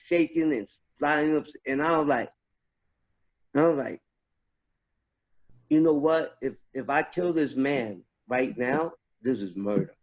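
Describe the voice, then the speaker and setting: A man, an army veteran, telling stories in a casual chat, animated and profane, restarting his sentences often. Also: a little high. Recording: dull lo-fi sound.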